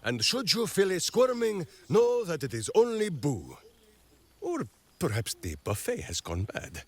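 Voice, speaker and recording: A man's voice: high-pitched, wildly swooping pitch, measured pace, no room sound, exaggerated voice. An actor playing a boisterous, grandiose male warrior-ranger in a video game, who speaks of himself in the third person. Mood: boastful. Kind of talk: video game character dialogue. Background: faint game music.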